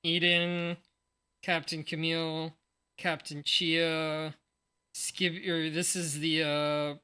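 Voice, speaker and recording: A man in his forties livestreams a card unboxing, his voice sleepy from the morning as he chats loosely, thinks aloud, and pokes fun at himself. The voice is on the high side, with a sharp yet clean tone.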